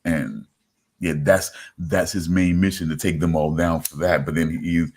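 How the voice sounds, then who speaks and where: A man with a very low voice talks loosely in a casual podcast chat. He rambles, restarts often and leans on "you know what I'm saying". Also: fairly even intonation, measured pace, a little mellow, breathy edge. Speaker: podcast host.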